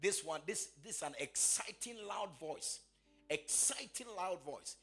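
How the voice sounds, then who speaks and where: A man preaching a sermon who repeats his phrases and swings from quiet asides to shouted, sing-song proclamation. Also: high-pitched, animated, a little slow, slightly rough, soft background music.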